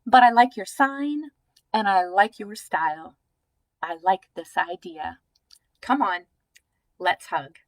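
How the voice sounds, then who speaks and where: A woman's voice: medium pitch, slow, long pauses, dry recording, close to an everyday voice. A woman voicing a poised, friendly voter.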